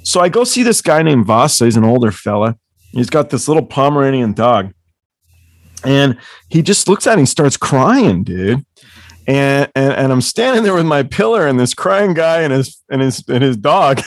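A man's voice: medium pitch, big pitch swings, normal speed, dry recording, studio quality. A man telling rambling, profane stories as the author guest on a casual book club chat. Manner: rambling, profane, laughing storyteller.

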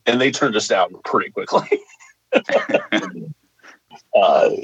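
Man, comic writer, guest, relaxed, chatty, mid pitch, dry sound. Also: husky, dry recording, poor audio. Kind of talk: casual interview answer.

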